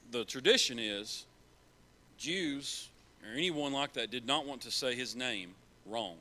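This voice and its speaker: A man's voice: mid-range voice, pushed and bright. A man preaching a sermon in a church, earnest and repeating key phrases for emphasis.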